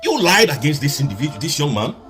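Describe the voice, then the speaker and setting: A man's voice: on the high side, big pitch swings, fast talker, fairly bright tone, faint music behind. A man giving an impassioned political speech, driving his points home with repeated rhetorical questions. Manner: fiery, repetitive rhetorical questions. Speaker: activist speaker.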